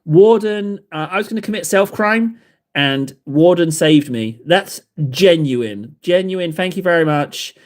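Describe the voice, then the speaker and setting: A man's voice: sits high, unhurried. A man hosting a livestream, chatting while painting miniatures, self-mocking and rambling, a little out of breath. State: slightly out of breath. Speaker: livestream host. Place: hobby desk indoors.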